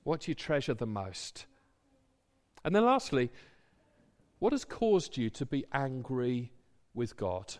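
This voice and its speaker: A man's voice: mid-range voice, takes it slowly, pauses often. A man, preaching a sermon to his congregation and acting out imagined voices. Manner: animated, acts out imagined voices.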